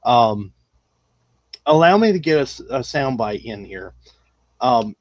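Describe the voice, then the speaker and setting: A man hosting a racing podcast, speaking haltingly with frequent fillers. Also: medium pitch, big pitch swings, no echo. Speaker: podcast host. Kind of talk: casual chat.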